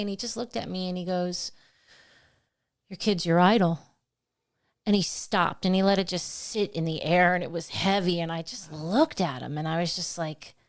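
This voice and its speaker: A woman's voice: fairly low pitch, clean tone. A woman co-hosting a faith podcast, telling personal stories in an earnest, heartfelt way and acting out the voices in her retellings. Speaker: podcast co-host. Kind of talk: faith conversation, personal storytelling.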